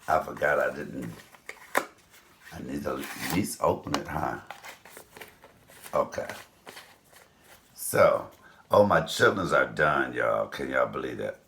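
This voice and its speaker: Man, 50s, deep voice; chatty home-cook host, loose and rambling. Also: vocal fry, fairly bright tone, slight background noise. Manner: chatty, rambling asides, addresses viewers directly. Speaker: cooking channel host. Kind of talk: casual cooking vlog chat.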